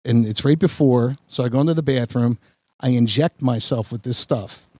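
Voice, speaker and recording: A man's voice: mid-range voice, normal speed, mellow, no echo, studio quality. A man, a podcast host telling a long embarrassing story in a rambling, self-mocking way full of filler words. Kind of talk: casual storytelling chat.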